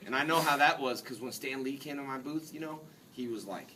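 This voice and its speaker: A man's voice: medium pitch, brisk. A man in his forties, a guest at a convention panel, telling loose joking anecdotes packed with "like" and "dude". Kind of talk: casual storytelling Q&A. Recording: distant mic in noisy convention hall.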